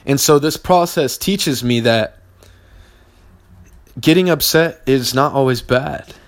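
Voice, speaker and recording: A man's voice: medium pitch, slow. A man hosting a solo business podcast, talking in a blunt, heavily profane and mocking way. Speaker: business owner and podcast host.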